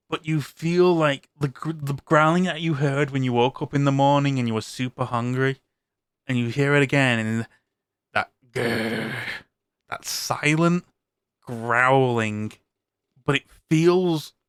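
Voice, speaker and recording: A man's voice: mid-range voice, clean tone, no room sound, clean studio sound. A man narrating a tabletop game as game master, telling the scene in a casual second-person style.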